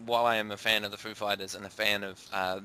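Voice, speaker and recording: A man co-hosting a casual science podcast, enthusiastic and halting, with repeats and ums as he explains. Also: on the low side, little pitch movement, bright, forceful tone, a little hiss or hum. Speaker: podcast co-host and science presenter.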